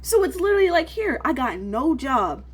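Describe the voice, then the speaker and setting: A woman's voice: sits high, very animated, moderate pace. A woman in her twenties giving an emotional, profanity-laced vlog rant, dropping "bro" after almost every line. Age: 20s. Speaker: day trader vlogger. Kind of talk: casual ranting vlog.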